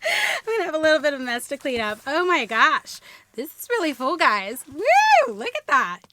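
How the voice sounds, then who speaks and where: Bubbly high-voiced woman gushing over gifts. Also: huge pitch swings, a little fast, very noisy. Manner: gushing, squealing with delight. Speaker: YouTube host unboxing a gift box. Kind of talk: bubbly unboxing vlog.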